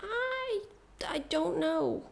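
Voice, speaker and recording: Lively woman with a gravelly voice. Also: very high voice, extremely slow, crowd noise. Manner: supportive, frequent agreeing interjections. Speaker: podcast co-host. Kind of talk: casual travel chat.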